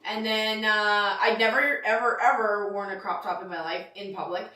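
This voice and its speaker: A woman's voice: mid-range voice, fairly even intonation, moderate pace, bright, forceful tone. A woman co-hosting a podcast, telling personal stories in a chatty way and laughing often. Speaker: podcast co-host. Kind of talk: casual comedic chat. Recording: echoey room, far from mic.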